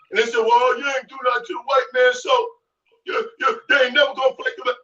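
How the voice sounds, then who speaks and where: Shouting man ranting in an echoey room. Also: very high voice, sing-song, fast talker, distant mic, dull audio. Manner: shouting, repeating lines for emphasis. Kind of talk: heated rant from a played clip.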